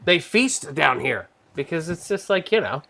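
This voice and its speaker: A man hosting a casual podcast chat, giving short deadpan replies. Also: on the high side, moderate pace, gravelly, background noise.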